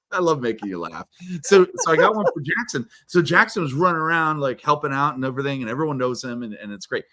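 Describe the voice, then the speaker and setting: Male guest, lively rising and falling pitch, excited storyteller who restarts phrases a lot. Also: fast talker. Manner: animated storyteller, repeats words, swings loud and soft. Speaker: guest speaker. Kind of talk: casual interview chat.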